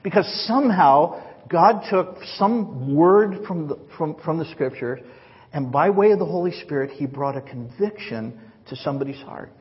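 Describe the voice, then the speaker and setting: Husky-voiced male pastor preaching in a hall. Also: fairly high pitch, animated, normal speed. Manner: earnest, conversational preaching with acted quotes. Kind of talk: sermon. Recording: reverberant, dull lo-fi hall recording.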